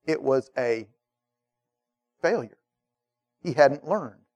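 A male preacher delivers a sermon in a lively, conversational style. He keeps checking in with his listeners. His voice sits high for a man. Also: slow, dull audio. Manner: animated, conversational, checks in with "okay?".

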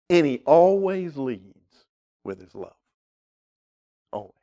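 A man preaching a sermon, emphatic, swinging from loud declarations to hushed appeals and often repeating words as he starts a phrase. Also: fairly high pitch, sing-song, slow, pauses often. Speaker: pastor.

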